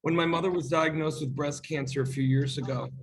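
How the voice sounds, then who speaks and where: A man's voice: on the high side, steady tone, a little fast, crowd noise, poor audio. A man hosting an interview, effusive and emotional as he praises his guest and shares a personal story. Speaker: interview host. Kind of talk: casual interview chat.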